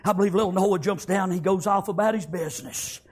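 A male preacher telling a story in a sermon, punctuated with amens and shouted lines. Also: high voice, fast talker, husky.

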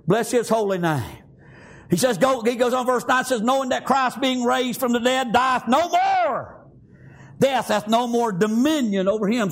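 A man preaching a fervent sermon, often breaking into shouts and filling his lines with "praise God" and "amen.". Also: very high-pitched, vocal fry.

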